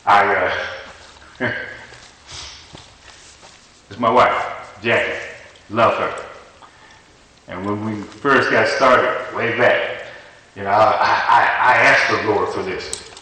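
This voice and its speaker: A man's voice: lowish voice, takes it slowly, long pauses, sharp tone. A man preaching a sermon, talking animatedly and conversationally, often stopping and restarting his sentences. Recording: echoey hall from far off.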